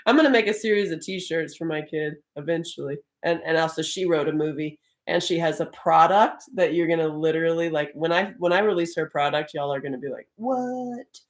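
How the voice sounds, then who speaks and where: Lively middle-aged woman hosting a live stream. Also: low-pitched. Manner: animated, laughs often, Southern-tinged "y'all". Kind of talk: casual live stream talk.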